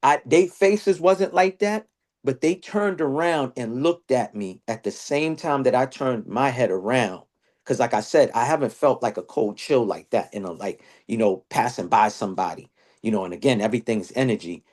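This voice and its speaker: A man telling a story in casual podcast chat. His voice sits at a middle pitch, and it leaps up when he quotes others. He talks loose, slangy and animated. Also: normal speed. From Boston area. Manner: animated storyteller, slang-heavy, jumps high when quoting people. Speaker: podcast host.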